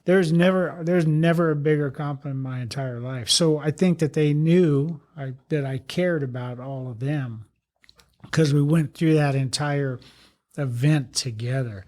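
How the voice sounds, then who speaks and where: A man's voice: on the high side, unhurried, darkish tone. Blunt older man telling long stories. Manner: rambling, blunt, salty, self-deprecating. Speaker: retired fire chief, guest. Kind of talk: storytelling interview talk.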